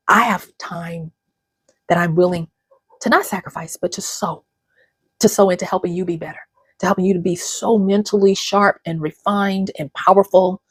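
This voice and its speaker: Woman in her fifties, husky voice, earnest motivational talk, dry close sound. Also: medium pitch, dry recording. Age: 50s. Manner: earnest and emotional, breaking into tears. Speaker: channel host. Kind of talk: personal motivational talk to camera.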